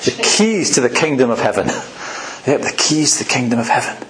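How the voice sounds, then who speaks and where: A man preaching a sermon in a relaxed, chatty way, often laughing at his own asides. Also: medium pitch, brisk, reverberant, a little hiss or hum, poor audio. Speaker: pastor.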